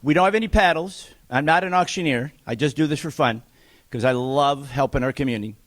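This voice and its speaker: A man running a live charity auction, teasing the crowd and calling bids quickly. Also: fairly high pitch. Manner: joking, teasing, rapid bid calling.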